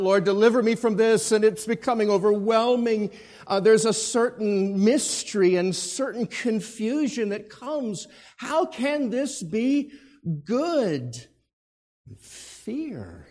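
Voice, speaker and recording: Male pastor, sermon delivery, slightly high voice, unhurried, long reverb of a large church sanctuary; alternates forceful emphasis with hushed passages.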